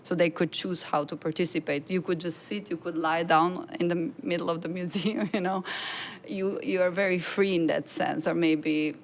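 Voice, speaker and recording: Woman composer, lowish voice, self-correcting, light laughs. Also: fairly even intonation, normal speed, slight background noise. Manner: searching, self-correcting, laughs between phrases. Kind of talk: panel discussion answer.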